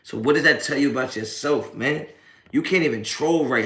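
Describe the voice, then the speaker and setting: A man's voice: medium pitch, normal speed, a bit bright. A young adult man streaming a live post-game reaction, cursing and laughing while mocking trolls in the chat. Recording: echoey room.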